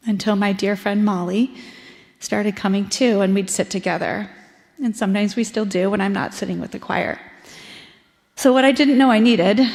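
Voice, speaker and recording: A woman in her forties from Ohio giving a personal testimony in a church service, conversational and reflective with frequent ums. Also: mid-range voice. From Ohio, USA. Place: church sanctuary. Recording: echoey church hall with long reverb.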